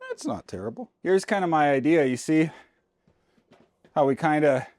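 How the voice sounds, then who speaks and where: A man's voice: mid-range voice, darkish tone, no echo, studio quality. A man vlogging from inside his RV, talking casually to himself and his viewers while he works, grumbling and folksy, into a handheld mic. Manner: folksy and informal. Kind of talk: casual vlog talk.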